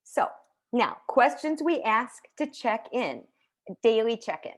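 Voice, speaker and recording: A woman teacher talks through an online conference session on a video call. Her delivery is lively and conversational, full of asides and quick checks with her listeners. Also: a little high. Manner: lively, conversational, with frequent "right?" and soft laughs. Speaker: teacher giving a conference talk.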